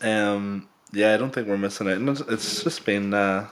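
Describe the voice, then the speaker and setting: A man's voice: lowish voice, normal speed. A young man co-hosting a podcast, chatting casually with a friend, laughing and swearing. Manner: laughing banter, swearing, local slang. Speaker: podcast co-host. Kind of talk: casual chat.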